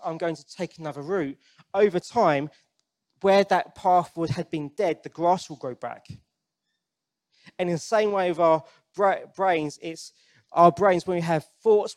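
A man's voice: sits high, a little mellow. A man preaching a sermon in a conversational, earnest way, often restarting his sentences and asking the congregation questions. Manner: asks the congregation direct questions.

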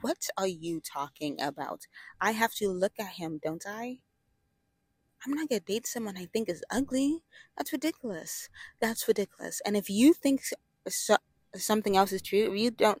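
A woman's voice: mid-range voice, no room sound. A young woman giving a sassy, dramatic, rambling monologue to camera, full of asides and laughs. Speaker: vlogger. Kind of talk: casual opinionated monologue.

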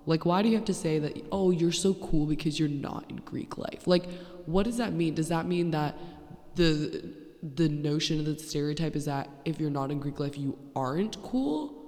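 A woman's voice: deep voice, fairly even intonation, normal speed, mellow. Blunt, sarcastic young woman podcaster, echoey. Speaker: podcast host. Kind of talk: casual storytelling monologue. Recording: echoey, poorly placed handheld mic.

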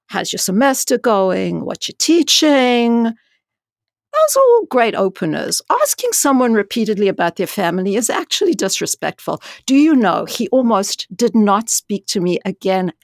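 A woman's voice: medium pitch, very animated, normal speed, creaky, no room sound, clean studio sound. A woman scientist speaking frankly and emphatically in a conversational interview. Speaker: senior scientist.

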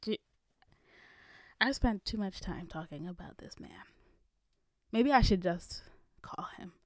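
Young kenyan woman vlogging, slow easy storytelling, slips into whispers, dry close sound. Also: mid-range voice, no echo. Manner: animated, dips into breathy whispers. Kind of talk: casual storytelling vlog.

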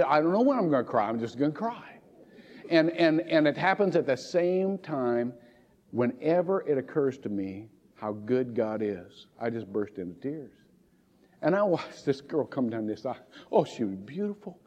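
In a church sanctuary, a middle-aged pastor with a rather high, slightly mellow voice preaches a sermon, telling emotional, digressive stories punctuated by laughter and tearful asides. The recording is muffled, with long reverb.

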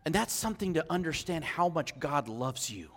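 A male pastor preaching a sermon in a church, moving between hushed reflection and fervent appeals. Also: fairly high pitch, lively intonation, moderate pace, in a large hall. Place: church sanctuary.

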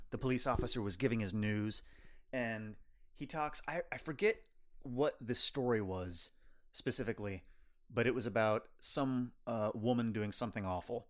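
A man co-hosting a podcast in casual chat, retelling film scenes with lots of laughter. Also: on the low side. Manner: animated, retells scenes with quoted voices and laughter. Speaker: podcast co-host.

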